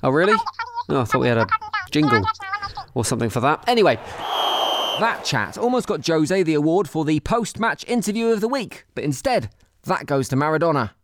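A male podcast host delivers his banter sarcastically, in a fairly high voice that leaps all over the place. A clear hiss of noise runs under the recording. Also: very animated, moderate pace. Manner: sarcastic, mock-exasperated.

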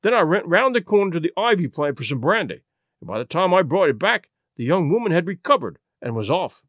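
A man's voice: high-pitched, sing-song, a little fast, a bit bright, no echo, studio quality, full character voice. A man reading a story aloud and voicing a big, penitent police constable who rambles apologetically. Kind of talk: audiobook reading.

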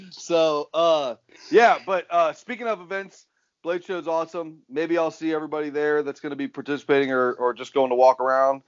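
A man's voice: on the high side, steady tone, brisk, clear, resonant tone, muffled recording. A man hosting a podcast in casual chat, loose, joking and profane. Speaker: podcast host.

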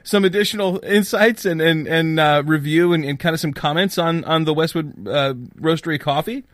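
A man's voice: fairly high pitch, normal speed, no room sound, clean studio sound. A man co-hosting a comedy podcast, playfully rambling and building on running gags. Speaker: podcast co-host. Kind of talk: improvised comedy banter.

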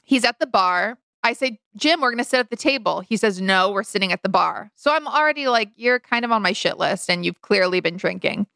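A woman co-hosting a podcast, telling a long family story in casual chat and acting out the quoted lines with sudden jumps in pitch. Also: lively intonation, a little fast, gravelly, hardly any pauses, sharp tone, clear, resonant tone, dry recording. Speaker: podcast co-host.

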